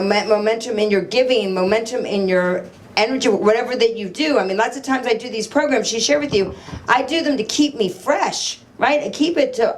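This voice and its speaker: High-voiced woman speaker. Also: a little hiss or hum. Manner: animated storytelling, acting out dialogue, asking the crowd questions. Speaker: motivational speaker. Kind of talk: live motivational talk to an audience. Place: stage before a live audience.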